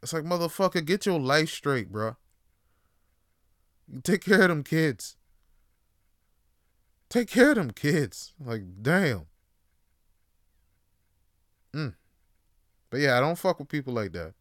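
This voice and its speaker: A man's voice: a little high, sing-song, slow, long pauses, no room sound, studio quality. Profane, rambling man on a podcast. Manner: profane, rambling, laughs often. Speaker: podcast host. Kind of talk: casual opinion monologue.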